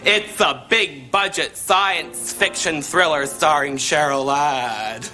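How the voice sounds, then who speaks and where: A man playing a campy, wry gay Canadian actor giving a comic monologue with a deadpan delivery. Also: fairly high pitch, slow, full character voice. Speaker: sketch comedy performer. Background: loud audience laughter and music.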